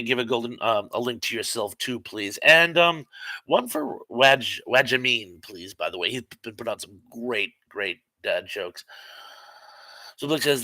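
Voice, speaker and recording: Bright-voiced man hosting a live chat. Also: medium pitch, no echo. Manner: chatty, reads viewer comments aloud, quick asides. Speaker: host reading live chat. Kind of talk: casual live-stream chat.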